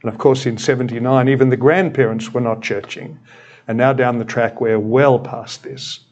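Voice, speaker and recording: An Australian man in his sixties delivers a sermon in an easy, conversational manner. His voice sits at an ordinary middle pitch, and he drops in wry, humorous asides as he goes. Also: fairly even intonation, normal speed, darkish tone, dull audio. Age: 60s. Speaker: retired senior minister, preacher.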